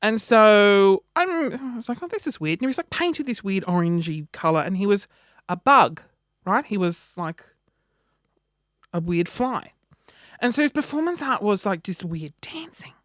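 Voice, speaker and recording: A woman, telling a story in a casual vlog with animated, wry delivery. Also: medium pitch, unhurried, no echo, studio quality. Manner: animated, wry, acts out quoted reactions. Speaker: vlogger.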